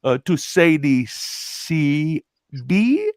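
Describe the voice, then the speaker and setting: A man co-hosting a podcast, flustered and swearing as he rushes through a list of names. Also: a little high, very animated. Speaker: podcast co-host. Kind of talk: rowdy casual chat.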